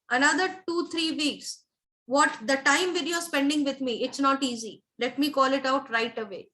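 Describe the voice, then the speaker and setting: A woman's voice: high voice, sharp tone, low-quality recording. A woman leading a live motivational training session as a life coach, emphatic, repeating her key points and checking in with her listeners.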